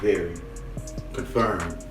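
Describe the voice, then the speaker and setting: A man's voice: steady tone, slow, a bit bright, soft background music. A young man bantering with his girlfriend in a dry, teasing way. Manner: dry, teasing remarks, very changeable pitch. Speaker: boyfriend on camera.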